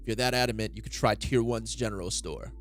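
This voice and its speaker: A man voicing a gruff male black-market shopkeeper, reading manga dialogue aloud in a lower, quieter tone. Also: fast talker, soft background music, lightly acted. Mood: blunt.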